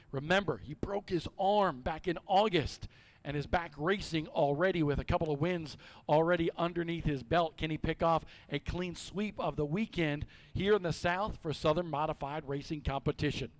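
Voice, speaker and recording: A man's voice: fairly high pitch, moderate pace. A man from the North Carolina mountains, chatty and folksy as he announces a stock car race. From western North Carolina. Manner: chatty, folksy, joking with his co-host. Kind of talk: live racing commentary.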